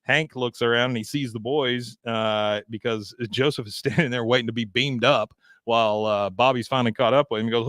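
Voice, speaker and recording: A man's voice: medium pitch, steady tone, a little fast, fairly bright tone, no echo, studio quality. A man co-hosting a live podcast, retelling a cartoon episode and acting out the characters' lines in raised voices. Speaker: podcast co-host. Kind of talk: casual chat, retelling an episode.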